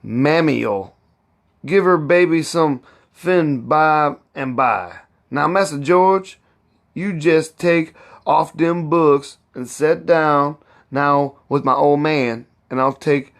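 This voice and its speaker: Man putting on a bossy old woman cook, heavy dialect, slow and drawn out, pitched up high, boastful. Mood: scolding. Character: bossy older woman cook, proud and fussy.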